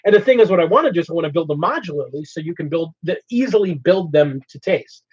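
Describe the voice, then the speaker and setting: A man's voice: on the high side, lively intonation, fast talker, husky. Man hosting a rambling hobby chat. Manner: meandering, thinks aloud while explaining plans. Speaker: hobby channel host. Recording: slightly dull lo-fi audio.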